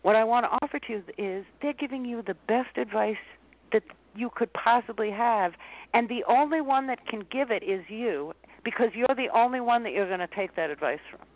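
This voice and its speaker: A woman speaking as a guest coach in an interview, animated, acting out a panicked inner voice with big pitch jumps. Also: a little fast. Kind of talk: interview conversation. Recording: tinny phone-line sound.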